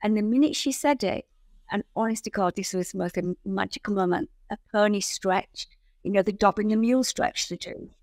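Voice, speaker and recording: A woman guest on a podcast interview, telling stories in an animated way and acting out the people in them. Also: medium pitch, normal speed, no room sound. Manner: animated storyteller who acts out the people in her stories. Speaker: guest, founder of a riding centre.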